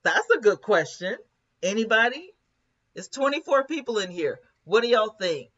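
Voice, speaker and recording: Woman, live-stream host, casual chat, laughs often, mid pitch, dull lo-fi audio. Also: big pitch swings, moderate pace, a bit bright. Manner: chatty, laughs often, reads viewer comments aloud.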